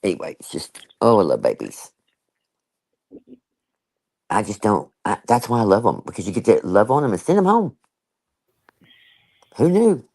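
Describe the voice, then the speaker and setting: An older woman hosts a casual chat. Her pitch rises and falls a lot as she talks. She is emphatic and chatty, full of asides. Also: very animated, moderate pace, pauses often, darkish tone, slightly rough, rough recording. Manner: chatty and emphatic, laughs often, with many asides. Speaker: live-stream host.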